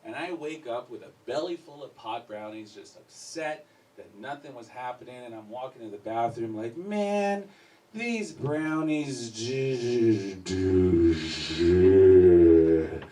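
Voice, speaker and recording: A man doing a stand-up set in a comedy club, telling a story and acting out quotes loudly. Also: medium pitch, moderate pace. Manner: animated storyteller, acts out panicked quotes loudly. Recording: live club recording, slightly distant.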